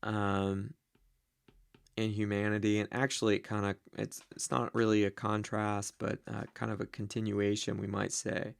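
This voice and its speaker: A man teaching the Greek grammar of a Bible passage, slow and deliberate, with many ums and uhs. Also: lowish voice, flat delivery, gravelly, clean tone, no room sound.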